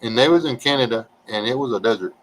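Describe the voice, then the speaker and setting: A man's voice: medium pitch, quick pace, a little hiss or hum, poor audio. A man, chatting casually and joking with viewers on a livestream. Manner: folksy, joking, reading chat aloud.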